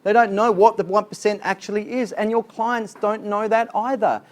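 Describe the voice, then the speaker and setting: A man giving an animated, chatty training seminar as a sales trainer. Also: high-pitched, moderate pace. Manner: animated, chatty, laughs at his own jokes.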